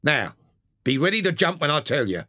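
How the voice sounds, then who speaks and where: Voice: medium pitch, very animated, moderate pace, pushed and bright, dry recording, clean studio sound, voice pushed up. A narrator doing a kindly engine driver. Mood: urgent. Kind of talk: audiobook character voice.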